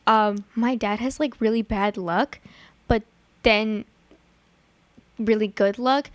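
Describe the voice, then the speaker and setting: A woman's voice: medium pitch, steady tone, takes it slowly, no echo. A young woman from the Chicago area telling stories as a podcast guest, chatty, full of likes and ums. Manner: chatty, lots of likes and ums, acts out her dad's lines. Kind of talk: casual storytelling chat.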